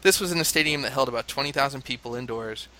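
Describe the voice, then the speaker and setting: A man from the United States, a father, telling a lively anecdote in casual conversation, laughing often and mimicking chanting crowds. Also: mid-range voice, fast talker.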